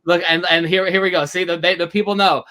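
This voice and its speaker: A man's voice: high voice, steady tone, fast, bright, forceful tone. A man hosting a live-stream interview over a video call, eagerly reading out viewer questions with rambling lead-ins. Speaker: host.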